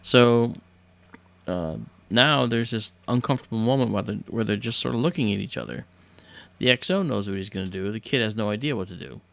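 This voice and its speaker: A man's voice: on the low side, a little fast, gravelly. A man hosting a livestream, telling a story casually in a hesitant way full of fillers and restarts. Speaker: livestream host.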